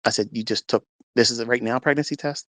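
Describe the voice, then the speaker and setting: Talking fast in a steady, mid-range voice with a fairly bright tone, a man recounts his personal faith testimony to an audio-chat audience, with no room sound. He's a trading mentor, earnest and religious, and he reenacts what he used to say.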